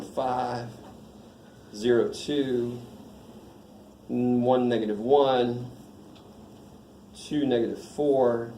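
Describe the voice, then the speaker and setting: A man's voice: medium pitch, dark tone, slight background noise. A man teaching a math class in a casual lecture, joking and quizzing the students. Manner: joking, informal, asks the class questions. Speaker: math instructor. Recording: echoey classroom, faint ambience.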